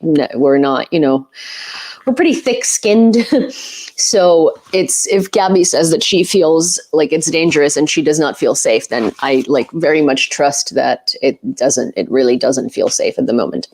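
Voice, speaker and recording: A young woman from Ukraine hosts a casual livestream in a fairly low voice. She rambles loosely, full of "like" and "um", and laughs often between thoughts. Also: measured pace, darkish tone. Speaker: host, independent reporter.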